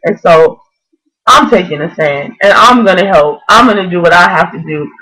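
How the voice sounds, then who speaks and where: A woman's voice: on the low side, moderate pace, pushed and bright, low-quality recording. A woman in her twenties preaching to camera in an earnest, fervent video blog. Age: 20s. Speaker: vlogger.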